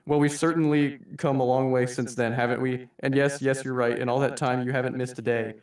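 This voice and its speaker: Man doing a masked male anarchist, mock-polite, formal, measured, roomy sound. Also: medium pitch, little pitch movement, a little mellow, lightly acted. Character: V, theatrical masked male anarchist lecturing humanity like a boss. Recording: roomy, distant mic.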